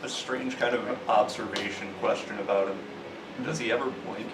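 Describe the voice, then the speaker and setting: A man's voice: lowish voice, fairly even intonation, moderate pace. A man playing a tabletop role-playing game who talks in a wry, thoughtful way. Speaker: player. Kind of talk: casual chat at a tabletop game. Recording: distant voice in an echoey room with noise.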